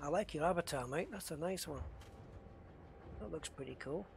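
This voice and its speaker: A man's voice: a little high, normal speed, vocal fry, slight background noise. A man chatting casually while streaming a space game, greeting viewers by name and thinking aloud. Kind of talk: casual live-stream chat.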